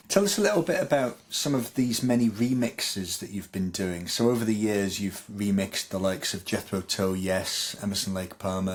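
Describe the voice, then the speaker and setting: A man from the northeast of England hosting an interview, chatty and affable. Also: fairly low pitch. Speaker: podcast host. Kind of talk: interview questions and chat.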